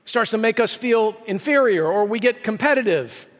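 Casual: really high-voiced guy preaching a sermon, emphatic, long echo from a big hall. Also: animated, moderate pace. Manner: emphatic preaching, reads scripture aloud. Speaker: pastor.

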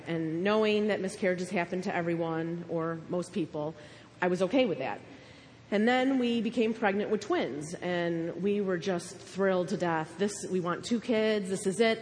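A woman's voice: lowish voice, a little mellow, big-room sound, a little hiss or hum. Earnest young woman giving testimony. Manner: earnest, emotional. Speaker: church member sharing testimony. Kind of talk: personal testimony.

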